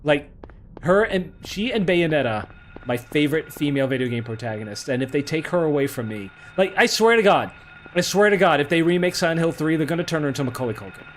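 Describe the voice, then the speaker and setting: A man's voice: on the high side, animated, quick pace, a little hiss or hum. A man from the Northeast, chatting casually while playing a game and muttering to himself. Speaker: let's play host.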